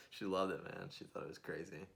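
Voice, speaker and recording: A man's voice: low voice, vocal fry, a bit bright. A young man co-hosting a podcast, chatting casually and rambling through stories with jokey asides. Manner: joking, rambling, acts out little voices. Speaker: podcast co-host. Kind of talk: casual chat.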